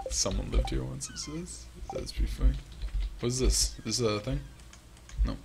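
A man's voice: mid-range voice, huge pitch swings, measured pace. A man giving casual, wry commentary while playing a farming game, with faint game music behind. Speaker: gaming YouTuber. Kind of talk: casual let's-play commentary.

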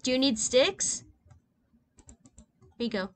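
A woman's voice: on the high side, slow pace, long pauses, rough recording. A woman in her twenties chatting casually while playing a video game, rambling with lots of fillers. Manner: soft and reflective; excited, loud outbursts. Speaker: gaming channel host. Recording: clear keyboard and mouse noise.

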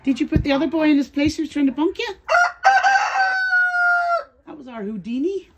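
A woman's voice: high-pitched, expressive, fairly quick, muffled recording. A woman chatting in sing-song baby talk to her poultry outdoors, farm birds audible behind her. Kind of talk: casual vlog, baby talk to animals. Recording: noisy outdoor farm recording. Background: birds clucking and gobbling.

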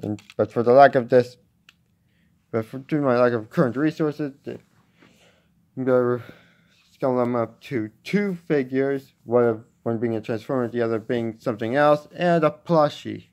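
A man casually reviewing a toy at home, talking in a halting way with many restarts. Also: medium pitch, a little mellow. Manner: halting, with frequent restarts and fillers.

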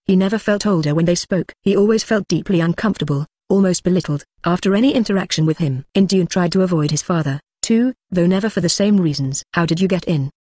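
An audiobook narrator reading a novel in a steady, even manner at a middle pitch. The voice has a synthetic quality. The recording is dry and close. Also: fast talker, hardly any pauses, dry recording. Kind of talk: scripted narration.

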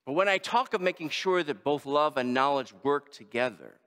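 A man's voice: a little high, normal speed. Man preaching in a reverberant church. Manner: lively preaching with quoted voices. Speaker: pastor. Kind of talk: sermon. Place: large church sanctuary.

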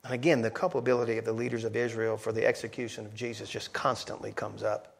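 A man preaching a sermon as pastor, dramatic and emphatic, acting out the people he quotes with big swings in loudness. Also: level tone, quick pace, creaky. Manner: dramatic, voices quoted speakers with sharp swings in pitch and volume.

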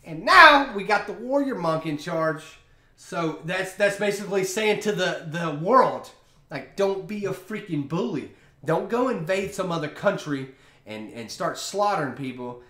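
A man's voice: high voice, expressive, a little slow, pushed and bright. A young man hosting a podcast, chatting in a rambling, offhand way over a beer. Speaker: podcast host. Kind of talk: casual chat. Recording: roomy echo.

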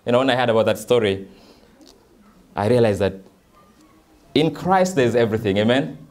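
A man's voice: mid-range voice, animated, moderate pace, a little mellow, faint music behind. A man, a pastor, preaching an earnest sermon at a church worship service, talking in a loose, conversational way with frequent fillers.

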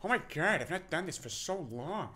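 A man's voice: sits high, expressive, normal speed, pushed and bright, pitched above the performer's own voice. A man doing a goofy impression of a bumbling middle-aged cartoon dad.

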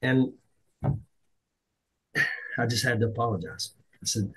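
A middle-aged man hosting a podcast, telling a story in a lively way, acting out the dialogue and poking fun at himself. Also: mid-range voice, unhurried, husky, low-quality recording. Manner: animated, acts out dialogue, self-deprecating. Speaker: podcast host. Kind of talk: conversational storytelling.

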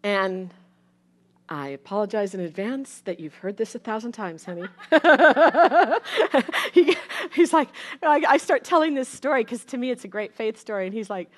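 A middle-aged woman pastor preaching a sermon, telling a family testimony in a lively storytelling way with many repeats and restarts. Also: medium pitch, normal speed.

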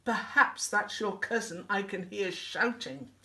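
A dry, unimpressed tiger from a storybook, speaking low and slow, as a woman voices him reading aloud. The tone is unhurried and flat. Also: slight background noise.

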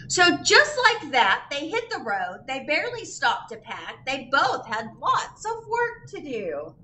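A woman's voice: high voice, wildly swooping pitch, a little slow, sharp tone, a little hiss or hum, low-quality recording. A woman librarian reading a picture book aloud at children's storytime, sing-song and asking the children questions.

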